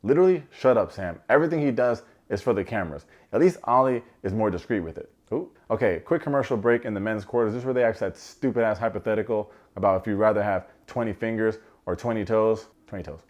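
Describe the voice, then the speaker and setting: A man's voice: lowish voice, fast, hardly any pauses, darkish tone, dull audio. Joking, sarcastic man recapping a show. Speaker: TV recap reviewer. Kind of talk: casual comedic recap.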